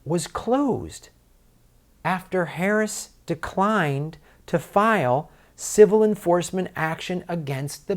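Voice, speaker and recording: Ranting, sarcastic male political commentator. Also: a little high. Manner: angry, sarcastic, mocking, swings from loud outbursts to muttering. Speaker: comedian and political commentator host.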